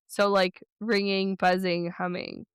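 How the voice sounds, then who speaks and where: A woman co-hosting a podcast in casual chat, telling stories in a chatty, rambling way with quick bursts. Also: mid-range voice, level tone, clear, resonant tone, no room sound, studio quality. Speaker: podcast co-host.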